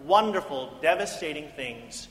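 A man's voice: fairly high pitch, lively intonation, unhurried. A man voicing a dying elderly rabbi who presses hard with blunt rhetorical questions, heard in an echoey hall. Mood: impassioned.

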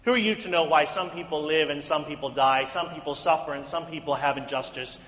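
A blunt dying old rabbi, as a preacher puts him on. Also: male voice, a little high, fairly quick, a bit bright, close to an everyday voice. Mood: impassioned. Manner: blunt, challenging rhetorical questions. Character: dying elderly male rabbi, blunt and pastoral. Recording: echoey hall reverb.

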